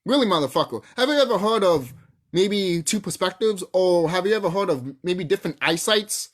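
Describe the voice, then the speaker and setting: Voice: medium pitch, animated, a little fast. A channel host ranting off the cuff to camera, profane and heated, often restarting sentences mid-thought. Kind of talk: unscripted rant to camera.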